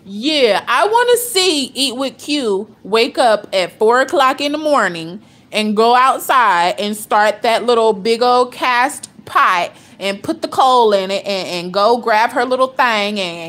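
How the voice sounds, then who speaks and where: Reaction vlogger: woman, higher voice, blunt, gossipy, profane, quick to laugh. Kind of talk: casual reaction commentary.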